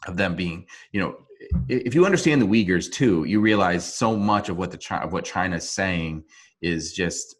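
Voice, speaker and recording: Man, deep voice, interview guest, earnest, halting, video call audio. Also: animated, breathy edge. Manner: earnest, halting, with frequent restarts. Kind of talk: remote interview.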